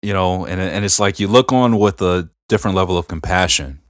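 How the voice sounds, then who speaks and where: A man's voice: sits low, fairly quick, no echo, clean studio sound. A middle-aged man co-hosting a casual faith podcast, telling family stories in an earnest, rambling way with many fillers. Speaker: podcast co-host.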